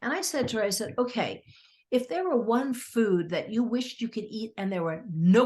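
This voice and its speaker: A middle-aged woman, a therapist and author, telling client stories in a lively conversational way and acting out what clients said. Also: medium pitch, moderate pace. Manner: animated, acts out clients' quotes. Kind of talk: conversational storytelling.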